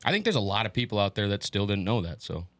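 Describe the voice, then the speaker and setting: Brief: podcast co-host, male, rapid deadpan delivery, dry close sound. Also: on the low side, dry recording. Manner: deadpan joking storyteller. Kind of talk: casual chat.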